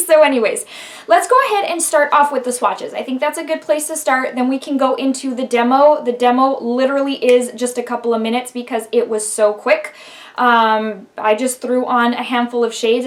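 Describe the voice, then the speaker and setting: A middle-aged woman with a slightly raised pitch talks casually through an eyeshadow tutorial. She rambles a little, laughs often, and drops in "um" and "like" as she goes. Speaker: beauty vlogger.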